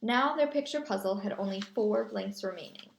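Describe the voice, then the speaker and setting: A woman narrating a children's novel aloud in a lively storytelling manner. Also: medium pitch, normal speed, creaky. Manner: lively storytelling, voicing characters. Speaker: audiobook narrator. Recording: echoey room.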